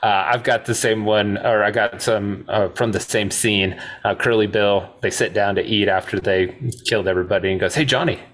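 A man's voice: lowish voice, level tone, moderate pace, a bit bright. A man co-hosting a podcast, chatting casually about a film, laughing often and quoting lines. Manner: laughs often, slips into movie quotes. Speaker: podcast co-host. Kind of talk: casual chat about a movie.

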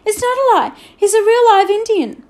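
A woman reading aloud and voicing a frightened, desperate young schoolboy in a storybook, shrill and tearful. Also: animated, moderate pace, a little mellow. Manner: high, shrill and tearful outbursts.

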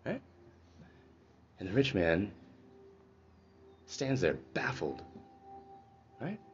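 A man's voice: on the low side, very animated, takes it slowly. A man telling a story in a casual monologue, keeping it conversational and checking in with listeners as he goes. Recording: dull lo-fi with faint noise.

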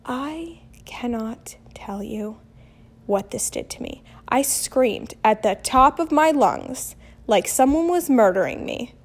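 A woman in her thirties vlogging in a casual, storytelling way, her voice sitting a little high. She is animated and blunt, slipping in mild swearing and acting out the quotes of her story. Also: measured pace. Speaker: vlogger and mother.

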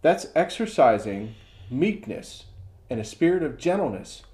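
A man's voice: medium pitch, a little slow. A middle-aged man co-hosting a casual podcast, telling an example story and acting out the quotes. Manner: storytelling with lively acted-out quotes. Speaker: podcast co-host.

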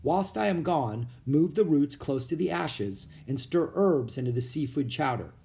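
A gentle, brave young Pilgrim woman, as a male reader puts her on, her voice lifted a little higher than plain speech. She speaks in a formal, old-fashioned way for a storybook reading, her pitch rising and falling freely. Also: animated, unhurried, vocal fry. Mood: polite.

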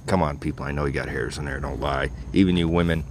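Man, very deep voice, casual storytelling, profane and joking, faint noise behind. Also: quick pace. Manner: profane, joking, chuckles often.

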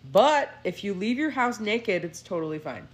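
A woman's voice: medium pitch, lively intonation, normal speed. A woman co-hosting a podcast, reading items aloud in a casual chat and laughing along with her co-hosts. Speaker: podcast co-host presenting the segment.

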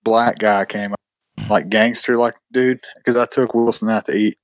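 A man's voice: lowish voice, fairly even intonation, moderate pace, no echo, muffled recording. A man co-hosting a podcast, telling a long story in a rambling, casual way with lots of swearing and restarts. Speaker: podcast co-host.

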